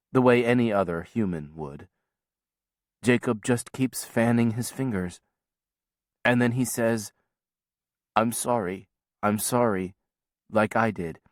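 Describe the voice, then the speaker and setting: A man reading a novel aloud as first-person audiobook narration, in a measured, quiet storytelling manner. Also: fairly low pitch, no room sound, studio quality.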